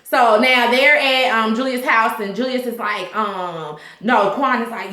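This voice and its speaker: A woman casually recapping a TV episode, acting out the characters' lines with lively voices. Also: fairly high pitch, measured pace, hardly any pauses. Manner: animated retelling, acts out characters' lines. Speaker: TV recap vlogger. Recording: echoey room.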